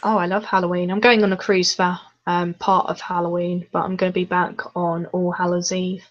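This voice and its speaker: A woman hosting a casual chat over a video call, talkative and quick to giggle. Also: fairly low pitch, level tone, lo-fi sound. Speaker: channel host.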